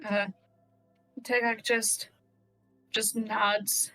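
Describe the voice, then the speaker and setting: A woman player chimes in with dry, wry remarks about her character. Her voice is bright and she speaks slowly. Faint music plays in the background. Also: on the high side, little pitch movement. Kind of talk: tabletop game play.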